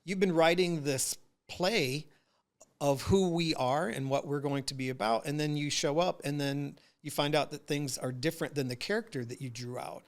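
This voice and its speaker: A man as a podcast guest in casual chat, relaxed and explaining his ideas through long analogies. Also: on the high side, normal speed.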